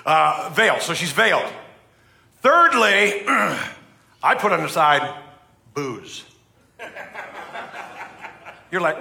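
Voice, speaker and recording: Middle-aged american guy preaching, funny and chatty, bright kinda high voice. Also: very animated, very slow, gravelly, long pauses. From United States. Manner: humorous, chatty preaching with acted-out quotes. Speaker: pastor. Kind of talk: sermon.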